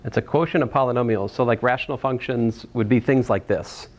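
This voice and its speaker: A man's voice: medium pitch, brisk. A man teaching a college algebra class in a casual, rambling way, restarting phrases and making jokey asides. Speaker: math instructor. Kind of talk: classroom lecture.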